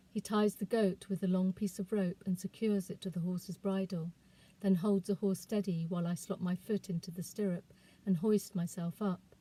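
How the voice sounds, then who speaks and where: A woman, a children's author, reading aloud from her novel in a calm, expressive storytelling voice. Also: lowish voice, normal speed, low-quality recording.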